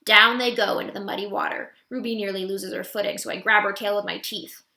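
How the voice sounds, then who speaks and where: A woman reading a first-person children's novel aloud in an expressive, wry narration, recorded with a roomy echo. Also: medium pitch, a little fast, vocal fry. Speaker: audiobook reader.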